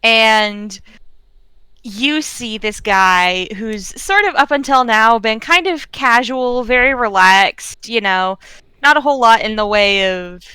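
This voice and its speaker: A woman's voice: fairly high pitch, bright, forceful tone, clear, resonant tone, dry recording. A woman narrating a tabletop role-playing game as game master, casual and chatty. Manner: casual, chatty, quick asides.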